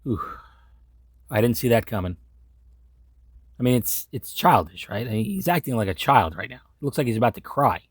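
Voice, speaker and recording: A man's voice: mid-range voice, expressive, moderate pace, long pauses, husky, dry recording, studio quality. A man giving casual, sarcastic episode commentary, swearing often and sounding incredulous. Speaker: commentary host.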